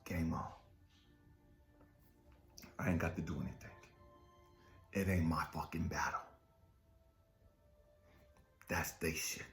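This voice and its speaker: A man preaching an impassioned spiritual pep talk as a life coach, profane and confrontational, firing rhetorical questions and dropping from shouted rants to low muttering. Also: steady tone, takes it slowly, gravelly, pauses often, soft background music. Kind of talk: impassioned motivational preaching monologue.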